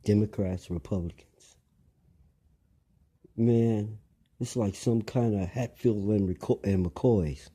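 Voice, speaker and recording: Slow, dark-voiced man lecturing. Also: fairly low pitch, breathy edge. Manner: lecturing, repeats phrases and questions the listener. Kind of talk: rambling monologue.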